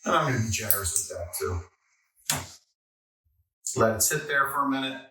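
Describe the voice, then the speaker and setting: A man's voice: medium pitch, lively intonation, moderate pace, noisy background. A man hosting a casual vlog, chatting in a wry, jokey way while making a cocktail. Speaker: host.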